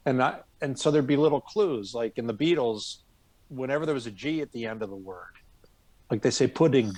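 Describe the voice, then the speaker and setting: A man's voice: mid-range voice, a little fast, a little mellow. A middle-aged American man being interviewed, talking in a rambling, self-correcting way with a plain General American accent. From northern New York suburbs, USA. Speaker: guest actor. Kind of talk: casual interview chat.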